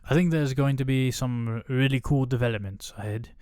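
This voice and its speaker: A man putting on an English accent to imitate a posh male actor, halting and stiff. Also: medium pitch, dark tone, no echo, studio quality, lightly acted. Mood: eager. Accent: English, attempted.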